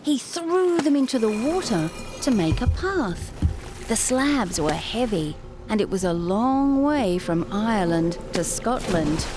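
A woman narrating a children's read-along storybook, with clear, expressive delivery. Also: mid-range voice, music in the background. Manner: slow and clearly paced, expressive.

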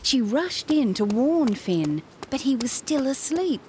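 A woman reads a children's storybook aloud at an unhurried pace, letting her pitch rise and fall expressively. Her delivery is clear and measured, and a faint hiss runs underneath the recording. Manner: slow and clearly paced, expressive. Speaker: narrator. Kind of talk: children's storybook read-along.

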